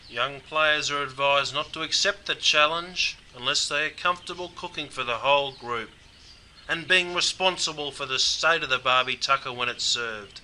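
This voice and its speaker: A man's voice: medium pitch, normal speed, bright, forceful tone, slight background noise. A man with an Australian accent, presenting a scripted comedic explainer in a dry, matey way. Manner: dry, matey, says mate constantly.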